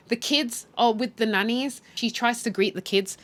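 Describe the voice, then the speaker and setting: A young adult woman retelling a TV series in a casual, animated, slangy way. She swears freely and laughs along with her own commentary. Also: a little high, normal speed. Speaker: show recap host. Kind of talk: casual spoken story recap.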